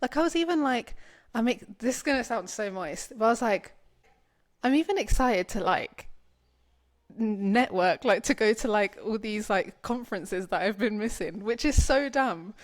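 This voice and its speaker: A woman's voice: fairly high pitch, lively intonation, moderate pace. A young woman from the UK hosting a podcast in casual chat, rambling and saying "like" often as she tells stories. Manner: rambling, heavy use of "like", storytelling. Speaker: podcast host.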